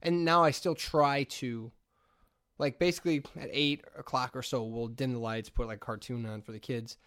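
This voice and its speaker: A man's voice: medium pitch, steady tone, normal speed, a bit bright, dry recording, studio quality. A man co-hosting a podcast, chatting in an easygoing, reflective way and laughing now and then. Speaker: podcast co-host. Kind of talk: casual chat.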